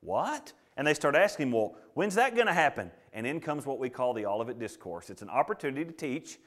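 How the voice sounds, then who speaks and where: A middle-aged man preaches a sermon in a mid-range voice at a brisk pace, his pitch swinging widely. He shifts from loud bursts to hushed asides and acts out the quotes he relates.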